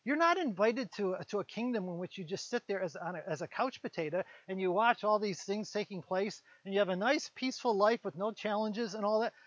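High-voiced preacher retelling a Bible story. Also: male voice, fairly bright tone, dry recording. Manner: storytelling with quick voiced asides for biblical characters. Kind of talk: conversational sermon. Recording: dull, lo-fi sound.

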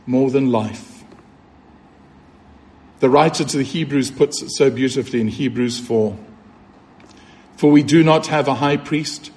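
A man's voice: fairly high pitch, a little mellow. A man preaching a sermon, earnest and emphatic, repeating key points and asking rhetorical questions.

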